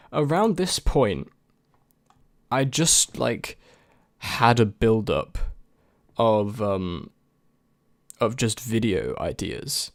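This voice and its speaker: A man's voice: mid-range voice, dry recording, studio quality. A young man and YouTube creator in casual chat, answering viewer questions in a rambling, hesitant way with many restarts.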